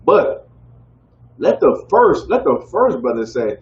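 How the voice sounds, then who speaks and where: A man's voice: big pitch swings, normal speed, pauses often. Preaching man asking "y'all with me?". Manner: call-and-response, keeps asking "y'all with me?". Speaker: teacher leading a scripture class. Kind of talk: street-preaching style Bible lesson. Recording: roomy, dull low-fi audio with faint background noise.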